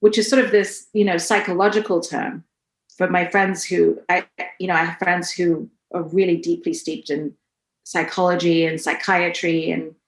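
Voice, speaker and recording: A woman's voice: lowish voice, moderate pace. A woman in her forties, a podcast guest, talking earnestly and with feeling in a casual conversation. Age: 40s. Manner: earnest and emotional, animated storytelling. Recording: roomy echo.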